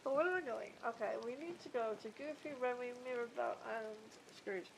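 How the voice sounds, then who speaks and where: A woman's voice: fairly high pitch, expressive, a little fast, gravelly, slight background noise. A woman with a British accent, chatting casually and bluntly with her livestream chat while she plays, swearing and poking fun at herself. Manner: blunt, sweary, self-mocking.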